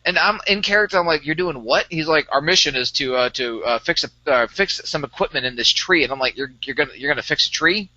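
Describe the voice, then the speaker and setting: A man's voice: fairly high pitch, expressive, quick pace, few pauses, bright, forceful tone, no room sound, highs cut off. A young man on a podcast, chatting casually and rambling through a gaming story with many fillers. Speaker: podcast co-host. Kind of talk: casual chat about tabletop games.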